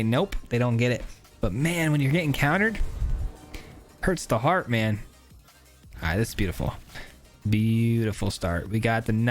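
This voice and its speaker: A man giving casual, chatty commentary on his own gameplay, thinking aloud with many filler words. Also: mid-range voice. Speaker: gaming YouTuber.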